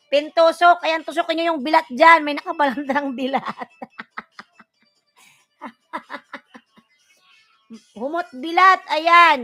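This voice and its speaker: A woman with a Filipino accent hosting a casual livestream, reading viewer comments and calling out loud shout-outs in English and Filipino. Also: high voice. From Philippines. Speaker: livestream vlogger.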